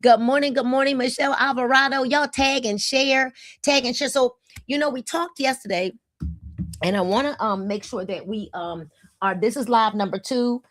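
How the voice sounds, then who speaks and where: Woman, 50s, livestream host, cheerful greetings, slightly high voice, dry sound. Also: moderate pace, a bit bright, dry recording. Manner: upbeat, greets viewers by name. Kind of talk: casual livestream talk.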